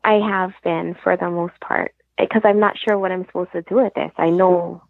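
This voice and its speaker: A woman's voice: fairly low pitch, steady tone, moderate pace, vocal fry, no room sound. A woman guest on a phone call, earnestly telling her story and retelling the conversations along the way. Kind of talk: personal storytelling. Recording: tinny phone line, dry.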